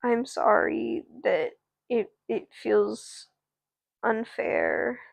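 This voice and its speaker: A woman voicing a gentle, sad big sister who comforts her younger sibling in a doll-play story. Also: a little high, steady tone, very slow, gravelly, no echo, full character voice. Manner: soft and comforting.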